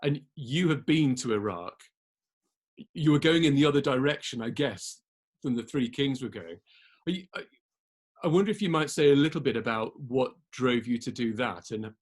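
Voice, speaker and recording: A man interviewing a guest, asking long questions in a halting way and searching for words as he goes. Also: mid-range voice. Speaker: interviewer, college chaplain.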